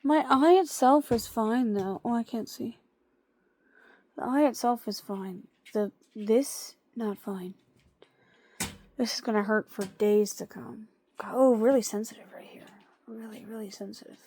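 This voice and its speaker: A woman vlogging at home while she has a migraine, talking softly and tiredly and cooing at her dogs. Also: on the high side, unhurried, dry recording. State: suffering a migraine. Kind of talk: casual vlog talk to camera and dogs. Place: at home indoors.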